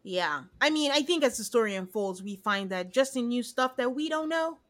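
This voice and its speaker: A married woman co-hosting a podcast, chatting casually and retelling scenes with lively quoted voices. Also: fairly high pitch, moderate pace. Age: adult. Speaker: podcast co-host. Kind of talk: casual recap chat.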